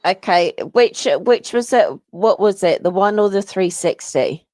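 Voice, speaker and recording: Woman co-host, slow measured questions, dead-dry recording. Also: mid-range voice, darkish tone, dry recording. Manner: measured questioner, fillers and self-corrections. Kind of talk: casual chat.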